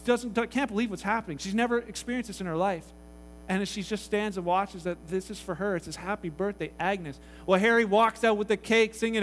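A pastor telling a story in a sermon, acting out the voices of the people in it. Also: male voice, high-pitched, brisk, slight background noise, low-quality recording. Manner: animated, acts out voices in the story.

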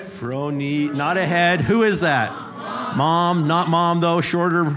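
A man's voice: a little high, slow, a crowd in the background. A man preaching a sermon, teaching a Bible word through a joking game-show routine, playful and teacherly, often repeating himself. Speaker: pastor.

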